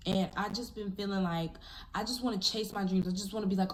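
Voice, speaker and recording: A woman's voice: mid-range voice, fairly even intonation, a little fast, slight background noise. A young woman, a recording artist, ranting in an exasperated, profane, rambling monologue.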